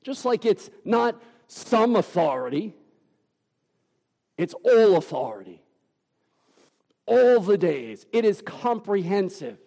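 Male pastor, unhurried emphatic sermon delivery, dark mellow tone. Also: on the high side, creaky, long reverb tail. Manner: emphatic, deliberate preaching with dramatic pauses.

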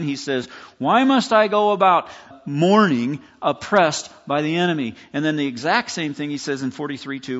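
A man's voice: mid-range voice, fairly bright tone. A pastor giving a sermon in a conversational, emphatic way, often acting out the words he quotes. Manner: conversational preaching, emphatic, acts out scripture quotes. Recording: dull lo-fi recording with long hall reverb.

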